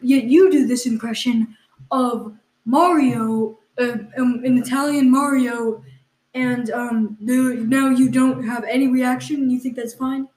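A woman's voice: a little high, fairly even intonation, a little slow, a little mellow. A woman co-hosting a comedy podcast, questioning her partner in mock exasperation, with plenty of fillers. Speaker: podcast co-host. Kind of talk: improvised comedy banter. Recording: echoey room.

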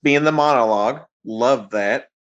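A man's voice: mid-range voice, unhurried, highs cut off. A man appearing as a guest on a casual movie review podcast, speaking upbeat and plain-spoken.

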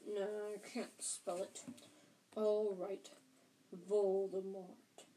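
A woman reading a storybook aloud, voicing a huge, gentle male groundskeeper who speaks low, halting and worried. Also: level tone, a little hiss or hum, poor audio. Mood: grave.

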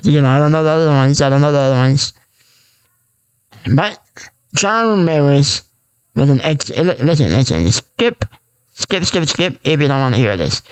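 A man's voice: on the high side, lively intonation, normal speed, long pauses, clear, resonant tone. A man hosting a raw, unscripted solo podcast, rambling and repeating himself with lots of fillers and restarts. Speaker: podcast host.

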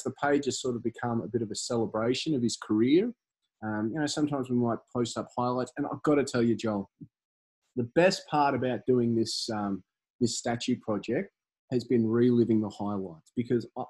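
Chatty man, husky voice. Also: mid-range voice, darkish tone. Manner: halting, many fillers and restarts. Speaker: campaign organiser, guest. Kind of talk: casual interview chat.

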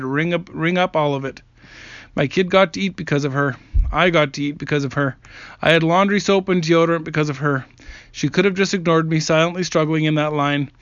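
A man's voice: a little high, fairly bright tone, no room sound. Earnest man reading stories, dry dull sound. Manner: earnest, plain reading with small slips and restarts. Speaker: narrator reading viewer comments. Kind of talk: reading stories aloud with commentary. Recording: dry, slightly dull lo-fi recording.

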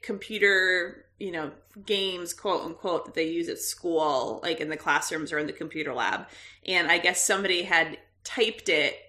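A woman in her thirties, a podcast co-host, telling a story in casual chat with frequent laughs. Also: fairly low pitch. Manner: animated storyteller, laughs often.

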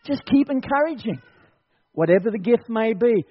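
A man's voice: very high-pitched, expressive, normal speed, dull audio. A man preaching a sermon at a church service, exhorting his congregation and laughing often as he talks.

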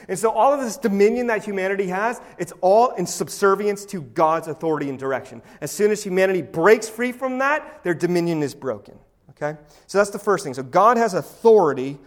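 Guy preaching a sermon, pretty high voice, punchy and kinda sarcastic in spots. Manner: emphatic, with sarcastic asides. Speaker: pastor.

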